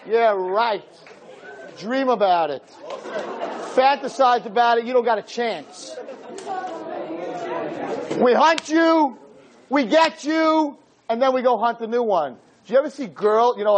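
A man, a rabbi, giving an animated, joking talk to teenagers and acting out little scenes as he goes. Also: sits high, normal speed, a faint crowd. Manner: acts out voices of boys and girls, jokey, punchy.

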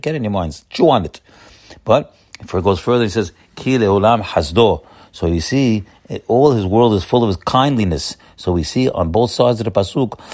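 A man giving a Torah sermon in an animated way, with many restarts and emphatic peaks. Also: on the low side. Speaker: rabbi.

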